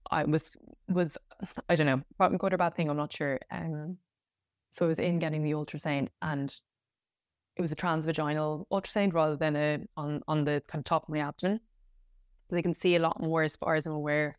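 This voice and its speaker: An Irish woman with a low, clear, resonant voice hosts a podcast and tells a personal story candidly, rambling with plenty of fillers and restarts. The sound is studio quality with no room sound.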